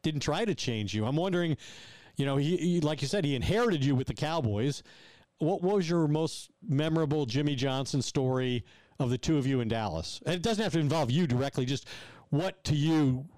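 A man's voice: on the high side, expressive, a little fast, a little mellow, no echo. Man host asking questions. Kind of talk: interview questions.

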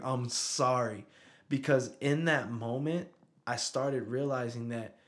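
A man in his thirties, a father telling a story in casual conversation, who often asks "you know what I'm saying". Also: mid-range voice. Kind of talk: casual chat.

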